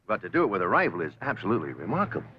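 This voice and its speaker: A man's voice: lowish voice, wildly swooping pitch, very fast. An actor playing a courteous, easily flustered man who explains skeet shooting. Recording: dull old TV audio with crowd and hiss.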